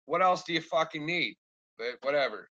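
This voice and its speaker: A man's voice: a little high, expressive, moderate pace, bright, forceful tone, highs cut off. A man ranting on a live stream and answering his chat, angry, rambling and swearing constantly. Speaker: livestreamer talking to chat.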